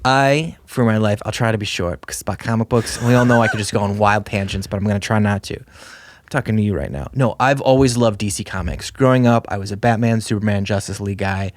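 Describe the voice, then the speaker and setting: Animated rambling man in his thirties. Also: on the low side, fast. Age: 30s. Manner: animated, rambling, lots of fillers. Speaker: podcast co-host. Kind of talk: casual chat.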